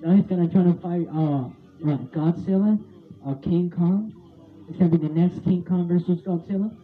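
The vlogger here is a young man with a high, steady voice and a moderate pace, ranting casually. His talk wanders and circles back, punctuated by laughter and swearing. It sounds tinny, as if recorded on a phone, with faint music.

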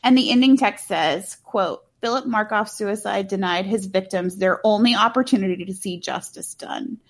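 A woman's voice: mid-range voice, moderate pace. A woman co-hosting a casual true-crime podcast, talking bluntly with swearing and lots of filler words. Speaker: podcast co-host.

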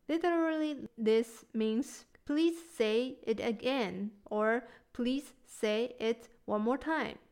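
A woman teaching a language lesson, patient and encouraging, who says each word slowly and repeats it for learners. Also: on the high side, clean tone. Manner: gentle, encouraging.

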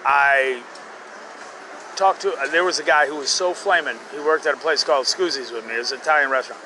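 A man in loud, rambling, crude street chat as a guest on an outdoor podcast. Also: mid-range voice, a little fast. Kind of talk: rowdy casual street chat. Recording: street noise behind.

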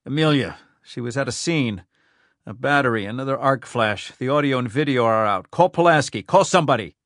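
A man's voice: mid-range voice, normal speed, fairly bright tone, no echo, clean studio sound, natural voice. A man voicing a commanding, impatient middle-aged male detective who barks demands and swears. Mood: alarmed. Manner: barking, demanding, profane.

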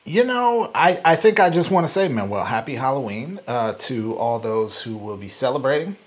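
A man's voice: mid-range voice, sing-song, normal speed. A man co-hosting a podcast, chatting casually in a thoughtful, hedging way with lots of fillers. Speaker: podcast co-host.

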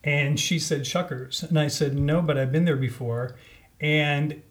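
A man telling a personal story in a relaxed podcast conversation, acting out the voices of the people in it. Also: a little high, measured pace. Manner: animated, acts out quoted voices. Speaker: podcast guest. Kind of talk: casual storytelling.

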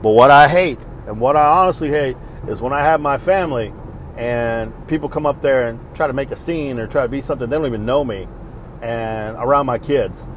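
A man's voice: medium pitch, a little fast, slight background noise. A middle-aged man, hosting a podcast in a blunt, profane, fired-up rant. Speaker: podcast host. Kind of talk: casual ranting monologue.

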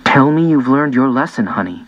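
A man voicing a soft-spoken caring mother. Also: mid-range voice, lively intonation, moderate pace, slight background noise, close to an everyday voice. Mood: gentle. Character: gentle, caring middle-aged mother. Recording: dull, dry lo-fi recording.

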